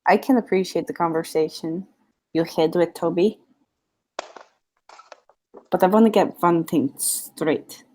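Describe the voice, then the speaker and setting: A woman's voice: lowish voice, measured pace, pauses often, darkish tone, low-quality recording. A woman voicing a protective young woman who speaks to a rival in a firm, confrontational way. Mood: defensive.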